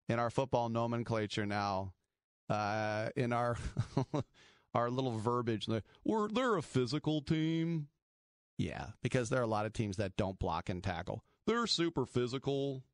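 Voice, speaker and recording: A man's voice: mid-range voice, normal speed, dry recording. Man, sports talk host, casual, joking, dry studio sound. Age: middle-aged. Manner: chatty, wry, rambling, laughs at his own jokes.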